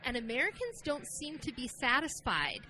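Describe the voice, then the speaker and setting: A woman's voice: high-pitched, sing-song, normal speed, bright, forceful tone, a little hiss or hum. A woman from England co-hosting a podcast, talking bluntly and scoffing in casual chat. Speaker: podcast co-host.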